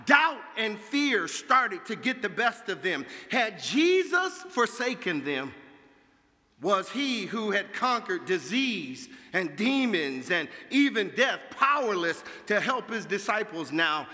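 A man delivers a sermon in a high, very lively voice that climbs and falls. He takes his time, moving from hushed lines to sudden shouts. His voice rings out with a long echo, as in a large hall. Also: takes it slowly. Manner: dramatic, swinging from hushed to shouting. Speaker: preacher.

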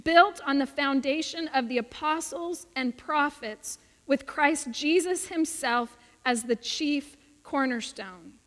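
A woman delivers a sermon in an earnest, emphatic way, her voice sitting high and moving at an unhurried pace. A long reverb trails behind her words, as in a church sanctuary. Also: a bit bright. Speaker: preacher.

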